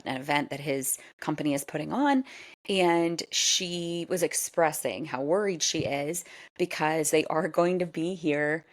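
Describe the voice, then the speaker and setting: Chatty podcast host, woman in her 40s, low voice, animated, laughs a lot. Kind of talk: casual solo podcast talk.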